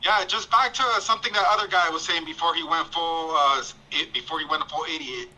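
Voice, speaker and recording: High, sharp-voiced male caller. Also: a little fast, low-quality recording. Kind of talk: casual call-in chat.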